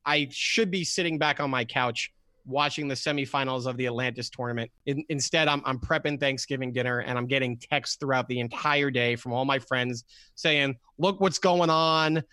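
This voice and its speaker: A man co-hosting a sports podcast, telling animated stories and stumbling over repeated words. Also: mid-range voice, moderate pace, smooth, no echo. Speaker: podcast co-host. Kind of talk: casual sports podcast chat.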